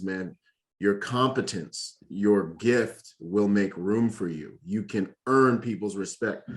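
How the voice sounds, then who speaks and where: A man from the Bahamas who hosts a podcast, talking in an animated, joking way in casual conversation. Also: fairly low pitch. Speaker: podcast host.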